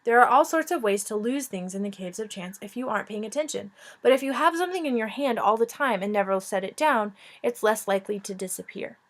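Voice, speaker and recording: A woman's voice: on the high side, brisk, few pauses, natural voice. Cast: woman reading a careful, earnest teen boy hero.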